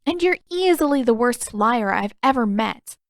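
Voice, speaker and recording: A bold teenage waterbender girl calls out with pushy, insistent energy, her voice lifted higher than the surrounding reading, played by a woman narrator. The storybook recording is dry and close, with no room sound. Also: lively intonation, normal speed, dry recording. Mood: demanding. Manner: loud, bright and insistent.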